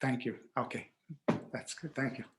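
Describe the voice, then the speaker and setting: A man giving an emotional hall of fame acceptance speech, halting and repeating words. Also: medium pitch, fairly even intonation, background noise.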